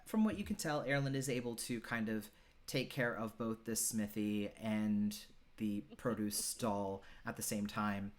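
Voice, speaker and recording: A woman's voice: very deep voice, measured pace. A woman narrating a tabletop game as game master, casually and with many ums and restarts. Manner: hesitant, filler-heavy narration.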